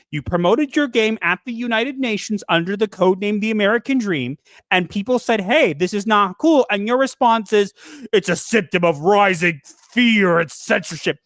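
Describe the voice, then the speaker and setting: A woman's voice: mid-range voice, dry recording, studio quality. A woman co-hosting a commentary show, arguing her point in a sarcastic, argumentative way. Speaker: co-host.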